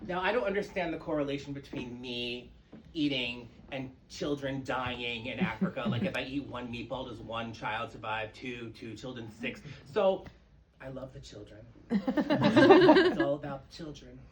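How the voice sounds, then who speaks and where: A man doing a stand-up comedy set on a club stage, telling campy, profane stories with big swings in pitch and energy. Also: lively intonation, normal speed, rough recording. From New York. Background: audience laughter.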